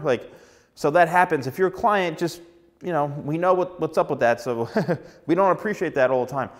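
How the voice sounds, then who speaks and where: A male hairstylist gives chatty, casual advice to the camera, acting out little dialogues as he goes. His voice is on the high side, at a moderate pace.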